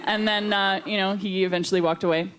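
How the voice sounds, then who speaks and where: A woman's voice: mid-range voice, fairly even intonation, brisk, fairly bright tone. A woman telling a self-mocking story on a convention panel, chatty and laughing often, into a handheld mic. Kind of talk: casual anecdote telling.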